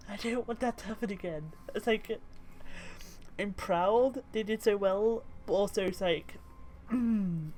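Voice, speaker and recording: A British woman with a medium-pitched voice chats about tabletop game memes as a YouTuber reading them out, swearing freely and trailing off mid-thought. There is slight background noise.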